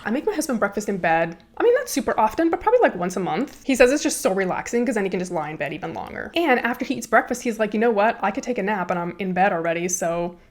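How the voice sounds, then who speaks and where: Casual woman host, rapid chatty delivery, quick laughs. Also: mid-range voice. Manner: chatty, laughs often, animated quoting. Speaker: host reacting to comedy clips. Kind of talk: casual chat.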